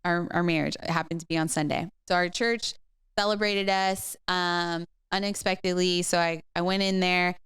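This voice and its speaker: A middle-aged woman co-hosting a church podcast, telling a story in a loose, chatty way with lots of fillers. Her voice is very smooth and clear, and sits a little low for a woman. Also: moderate pace, dry recording, studio quality. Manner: animated storyteller, many fillers and restarts. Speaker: co-host pastor. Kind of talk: casual podcast chat, storytelling.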